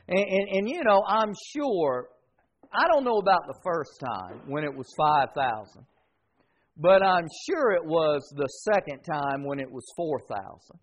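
A man preaching a sermon as pastor, swinging between loud emphasis and soft, quiet passages. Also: on the high side, expressive, a little slow. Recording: dull lo-fi sound.

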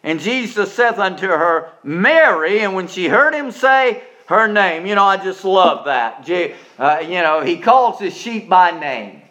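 A man preaching a sermon, folksy and emphatic, jumping from quiet asides to loud stressed lines and often repeating words as he starts a sentence. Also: high voice, animated, measured pace, few pauses.

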